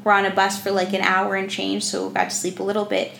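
A young woman co-hosts a casual podcast, spinning a long travel story full of "like" fillers. Her voice has a gravelly edge. The room is echoey, with a faint hiss underneath. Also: mid-range voice, monotone, fast, fairly bright tone. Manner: chatty storytelling, many "like" fillers. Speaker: podcast co-host. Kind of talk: casual chat.

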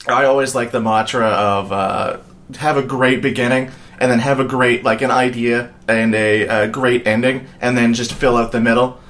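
A man's voice: medium pitch, fairly bright tone. Rambling, swearing podcast co-host man. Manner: rambling, swears often, laughs a lot. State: mentally exhausted. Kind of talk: casual podcast chat.

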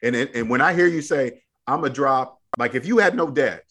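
A man's voice: medium pitch, normal speed, a bit bright. A man coaching a younger guest on money, emphatic and preachy, repeating his points in casual podcast chat. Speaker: debt-free money coach.

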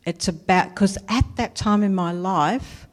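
A woman's voice: mid-range voice, a little slow. Australian woman, testimony preacher, chatty anecdotal delivery, long hall reverb. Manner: chatty anecdotal storytelling, laughs at herself. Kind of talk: personal testimony sermon.

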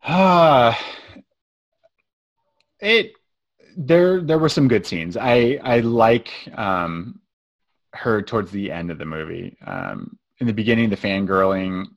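A man's voice: on the low side, lively intonation, slow, pauses often, dull audio. A man co-hosting a film review podcast, chatting casually and rambling with many restarts.

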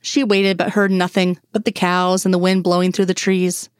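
Low-voiced woman reading a story. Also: flat delivery, normal speed, clear, resonant tone, no echo, studio quality. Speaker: audiobook reader. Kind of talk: scripted narration of fan fiction.

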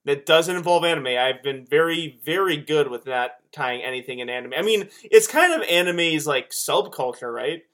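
A man co-hosting a podcast, chatting casually in a rambling, animated way. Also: fairly high pitch, moderate pace, hardly any pauses. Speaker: podcast co-host. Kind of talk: casual chat.

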